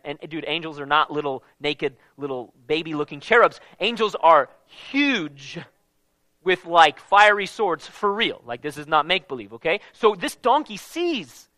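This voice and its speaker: Man preaching casually, lively up-and-down delivery, bright voice, conversational, slangy. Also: high-pitched, dry recording. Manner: animated and conversational, uses slang. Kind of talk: casual Bible-teaching sermon.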